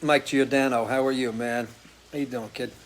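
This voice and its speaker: A middle-aged man from the US Northeast, a musician hosting a relaxed live stream from a porch, greeting viewers by name one after another, his voice a bit worn from singing. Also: mid-range voice, moderate pace. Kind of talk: casual chat greeting viewers. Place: porch at home.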